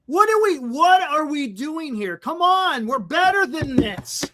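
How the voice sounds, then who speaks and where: A man's voice: extremely high pitch, sing-song, measured pace, few pauses, pushed and bright. A man co-hosting a fan sports talk stream, ranting in frustration and often repeating words. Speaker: podcast co-host.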